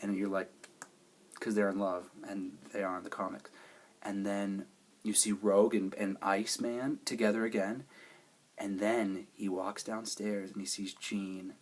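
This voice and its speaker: A man's voice: on the low side, little pitch movement, unhurried. A man giving a casual movie review, eagerly retelling the plot in a rambling way.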